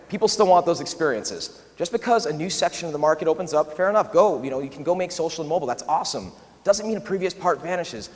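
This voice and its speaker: Fast, animated man on a conference stage. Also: on the high side. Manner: animated, quick, acts out quoted asides. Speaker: conference speaker. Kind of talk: keynote talk. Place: large conference hall. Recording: long reverb of a large hall.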